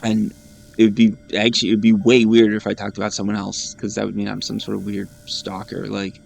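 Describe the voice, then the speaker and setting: Gravelly low-voiced man rambling casually. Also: completely flat delivery, fairly quick, a little mellow, soft background music. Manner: rambling, self-deprecating, repeats words. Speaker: gaming YouTuber host. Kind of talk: casual chat over gameplay.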